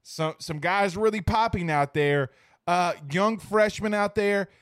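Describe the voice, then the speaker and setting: Male sports host, chatty and upbeat, slightly high smooth voice, dry close mic. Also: measured pace, fairly bright tone, dry recording. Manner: chatty, enthusiastic. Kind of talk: casual interview.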